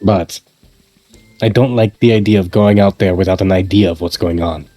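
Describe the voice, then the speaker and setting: A man's voice: deep voice, steady tone, normal speed, dark tone, soft background music. A man voicing Ravik, a stern suspicious adventurer. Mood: insistent. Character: stern, suspicious male adventurer leaning villainous. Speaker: tabletop game player. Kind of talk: in-character tabletop role-play.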